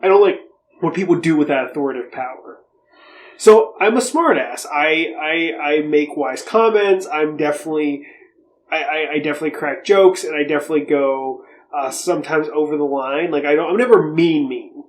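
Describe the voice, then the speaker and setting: A man's voice: a little high, moderate pace, poor audio. A young man co-hosting a podcast, telling a story in a rambling, profane, casual way. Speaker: podcast co-host. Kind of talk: casual chat.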